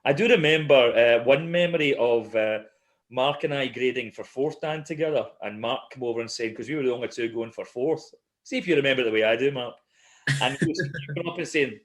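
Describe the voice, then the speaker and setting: A man's voice: mid-range voice, normal speed. A man co-hosting a casual podcast, telling anecdotes animatedly and laughing as he goes. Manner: animated storyteller, laughs through his anecdotes. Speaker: podcast co-host.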